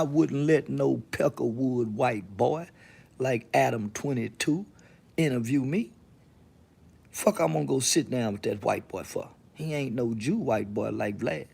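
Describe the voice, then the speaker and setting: Gravelly Southern man on a profane rant. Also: medium pitch, measured pace, darkish tone. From Texas, USA. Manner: profane, swaggering, mocking rant. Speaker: podcast host. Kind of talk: solo monologue to camera.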